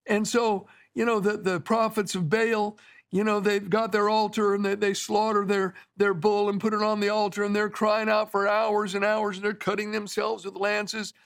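A man's voice: sits high, level tone, moderate pace, fairly bright tone. A man preaching a sermon in a conversational, storytelling way, with asides to his listeners.

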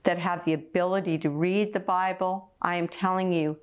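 A woman's voice: lowish voice, fairly even intonation, moderate pace, smooth. A woman giving a Bible teaching program, speaking earnestly and exhorting her listeners, often restarting her sentences. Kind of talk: radio-style Bible teaching.

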